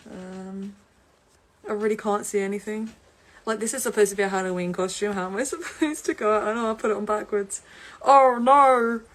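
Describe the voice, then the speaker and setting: Giggly young woman. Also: medium pitch. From England. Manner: giggly and chatty, laughs often. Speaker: Instagram live streamer. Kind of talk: casual live stream chat.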